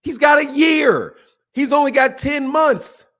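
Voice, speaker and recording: A middle-aged man hosting a boxing channel, ranting and mocking his critics with heavy profanity, swinging between loud and soft. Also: very high-pitched, a little slow. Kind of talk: ranting commentary.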